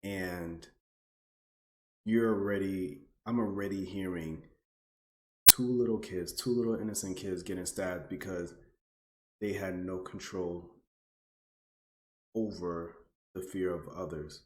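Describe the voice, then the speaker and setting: A man speaking in a halting, earnest way, searching for his words as he responds. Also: low voice, dark tone. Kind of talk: earnest casual discussion. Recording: roomy echo.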